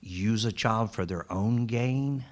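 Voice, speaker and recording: A man's voice: on the low side, slow pace. A man speaking in a casual panel discussion, earnest and repeating words as he builds a point.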